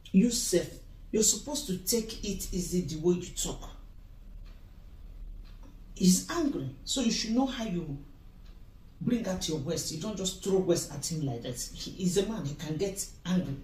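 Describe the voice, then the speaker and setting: Woman, teasing friend, slow and low, distant echoey recording. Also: expressive, mellow. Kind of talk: casual chat. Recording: roomy echo, voice from a distance, faint background.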